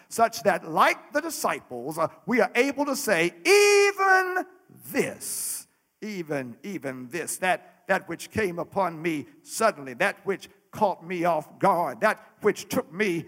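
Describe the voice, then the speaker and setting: A man preaching a sermon in a rising and falling cadence, repeating his words and swelling to shouts. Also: sits high.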